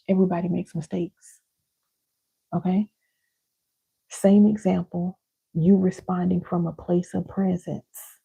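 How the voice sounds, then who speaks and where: Woman teacher, deep and dark, husky, emphatic and direct with her audience; dull lo-fi recording. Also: little pitch movement, a little slow, pauses often. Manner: emphatic, repeats key lines, calls listeners baby and y'all. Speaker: parenting and healing teacher.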